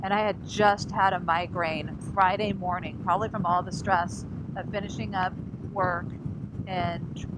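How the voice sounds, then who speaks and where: Riding a scooter on the open road, a woman with a fairly low voice tells a story a little slowly in a casual vlog. She's lively and animated, laughs often, and acts out what people said, with wind and engine noise in the recording.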